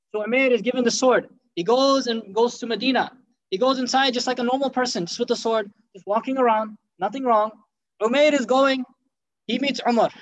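Fast, high-voiced man telling a story. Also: muffled recording. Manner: animated, acts out quotes in the story. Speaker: religious teacher. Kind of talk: storytelling lesson.

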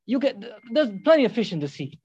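A man's voice: extremely high pitch, big pitch swings, quick pace, a little mellow, breathy edge, dull audio, heavily acted. A man voicing a blunt, brotherly man giving frank advice. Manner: blunt, matter-of-fact.

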